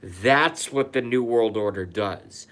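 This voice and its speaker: Slow, furious ranting man. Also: lowish voice, a bit bright. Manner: furious, profane, repetitive ranting. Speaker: YouTube show host. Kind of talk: comedic conspiracy rant. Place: apartment. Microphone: phone.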